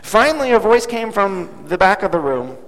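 A man's voice: high voice, very animated, moderate pace. A man preaching a sermon with storytelling, dramatic and emphatic, repeating key phrases. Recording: long hall reverb.

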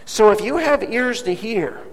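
Animated high-voiced preacher in a hall. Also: male voice, measured pace. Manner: dramatic, emphatic repetition. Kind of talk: sermon with storytelling. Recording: long hall reverb.

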